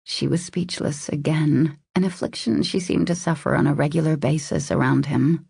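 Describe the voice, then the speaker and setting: A woman narrating a romance audiobook in a measured, intimate storytelling manner. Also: deep voice, steady tone, vocal fry, dark tone, breathy edge, no room sound, studio quality.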